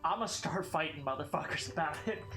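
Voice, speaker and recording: A woman with a Southern American accent chats casually with her viewers on a game stream. She rambles, swears freely and laughs often, and her voice sits fairly low. It sounds echoey, with faint music underneath. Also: brisk, fairly bright tone. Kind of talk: casual gameplay stream chat.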